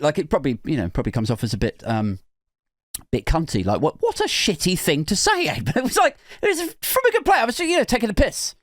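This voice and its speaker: Sardonic male podcast host, animated delivery, dry recording. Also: a little high, fast, dry recording. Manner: chatty, sardonic, laughs at his own asides. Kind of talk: casual commentary reading news.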